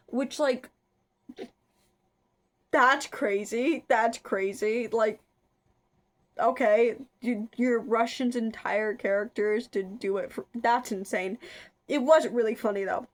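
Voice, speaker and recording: A young woman chatting casually for her vlog, rambling with lots of filler words and restarts. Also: a little high. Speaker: vlogger. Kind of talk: casual chat.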